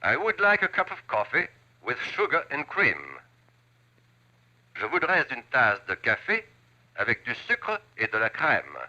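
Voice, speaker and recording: An actor playing the voice of a language-course record in a 1960s sitcom, drilling phrases slowly and deliberately. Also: male voice, sits high, very animated, pushed and bright, highs cut off, exaggerated voice. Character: French language record teacher, man.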